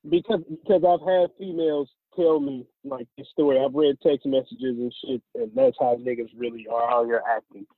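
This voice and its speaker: A man's voice: medium pitch, fairly even intonation, normal speed, hardly any pauses, dry recording. A man hosting a podcast, talking in a blunt, joking, slangy way. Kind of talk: casual chat. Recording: tinny phone-like sound.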